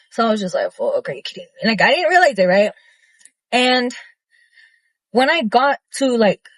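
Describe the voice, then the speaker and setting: A young woman recounting a story in a loose, casual rant, blunt and swearing often. Her voice sits at an ordinary middle pitch. The sound is close and dry, with no room around it. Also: no echo. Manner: blunt, profane, animated retelling with many fillers. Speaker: vlogger.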